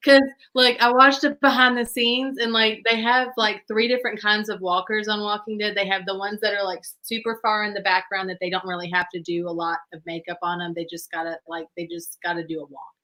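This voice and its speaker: Bright, laughing woman host. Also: mid-range voice, a little fast, few pauses. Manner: animated storyteller who laughs often. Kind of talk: casual chat.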